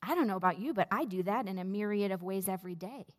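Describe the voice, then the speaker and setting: A woman pastor preaching a sermon in a slow, measured way with deliberate pauses. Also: mid-range voice. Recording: long reverb of a large hall.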